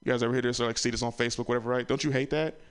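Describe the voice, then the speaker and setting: A man's voice: fairly even intonation, racing, smooth. A man performing a stand-up comedy set, telling stories and acting out the people in them. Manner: storytelling, acts out relatives with loud high voices.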